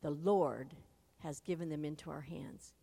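A woman voicing a brave young male warrior in an earnest, measured tone while retelling a Bible story. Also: low-pitched, creaky, mellow, breathy edge, heavily acted. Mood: resolute. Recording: long hall reverb.

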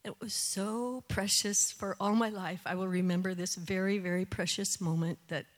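A woman's voice: medium pitch, fairly even intonation, normal speed. An older woman giving a missionary testimony and prayer in an earnest, conversational way, with frequent "you know" asides. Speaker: missionary speaker. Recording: long hall reverb.

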